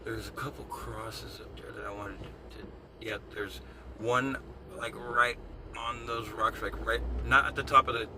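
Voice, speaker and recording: A man's voice: mid-range voice, steady tone, a little slow, background noise. A young man streaming live from a phone while driving, chatting casually in a rambling, profane way that often trails off mid-sentence. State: out of breath.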